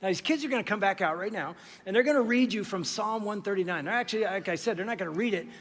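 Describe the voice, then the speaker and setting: Animated pastor with a high voice in a reverberant hall. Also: male voice, quick pace. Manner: animated storyteller, acting out voices. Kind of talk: sermon storytelling. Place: large church hall.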